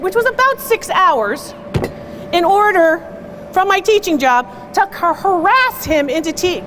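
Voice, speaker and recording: A woman with a very high voice works a crowd as an antiques appraiser, brash and quick with her teasing banter. A faint hiss of background noise sits under her. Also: fairly bright tone. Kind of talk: live comedic appraisal show with audience.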